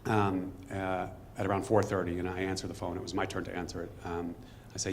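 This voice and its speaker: Guy rattling off a story on stage, quick and kinda low, faint room hum behind. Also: level tone. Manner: fast, conversational, with asides and reenacted dialogue. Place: stage before a live audience.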